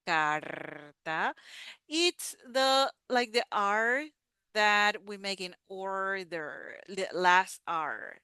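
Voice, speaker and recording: Saying every sound and word several times for learners to repeat, a woman teaches pronunciation in a slow, patient lesson as a language teacher. She speaks extremely slowly in a medium-pitched voice that is sharp, clear, and resonant, with clean studio sound and no room sound.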